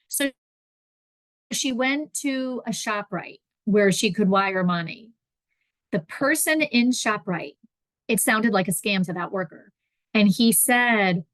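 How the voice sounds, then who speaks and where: A woman's voice: mid-range voice, unhurried, no echo. A woman giving a conversational public presentation on consumer protection, acting out callers and victims in quoted voices.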